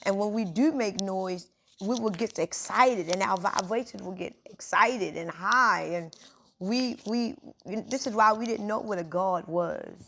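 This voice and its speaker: A woman's voice: medium pitch, measured pace, vocal fry, fairly bright tone. A woman giving a casual spiritual talk, informal and emphatic, speaking straight to her listeners.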